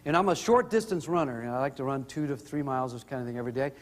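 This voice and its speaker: A middle-aged man telling humorous family stories in an animated way to an audience. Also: rapid-fire, in a large hall. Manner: animated, rises in pitch when excited. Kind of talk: humorous storytelling talk.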